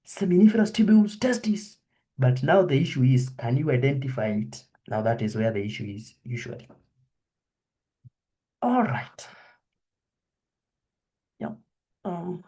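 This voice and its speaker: Husky man quizzing anatomy students. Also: fairly high pitch, warm tone. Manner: quizzing students, repeats questions and answers. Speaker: anatomy lecturer. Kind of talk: online histology review lesson.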